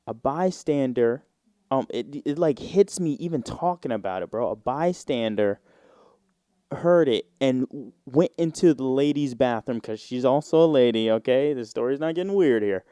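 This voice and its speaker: A man's voice: medium pitch, mellow, smooth, no room sound, clean studio sound. A man hosting a casual solo podcast, rambling in a laid-back, profane way full of slang. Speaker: podcast host.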